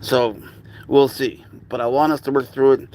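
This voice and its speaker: A man chatting casually on a livestream, talking plans with viewers and cooing softly to cats in a baby voice. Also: medium pitch, flat delivery, normal speed, a little hiss or hum. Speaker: livestream host.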